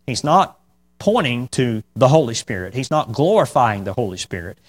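A man preaching a verse-by-verse Bible teaching, chatty, checking in with "okay?", turning loud and high when he presses a point, with dry sarcastic asides. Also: big pitch swings, moderate pace, slightly rough. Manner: conversational, repeats "okay?" to the congregation.

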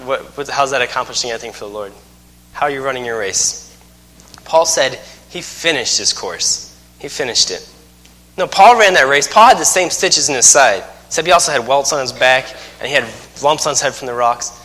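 A man's voice: mid-range voice, expressive, normal speed, pushed and bright. A man in his thirties preaching a sermon, telling folksy stories with self-mocking humor. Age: 30s. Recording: long hall reverb.

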